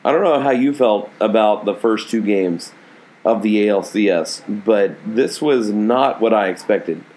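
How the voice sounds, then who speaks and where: Man, lowish voice, casual baseball podcast co-host, loose, filler-heavy talk. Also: unhurried, a little mellow. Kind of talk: casual sports chat.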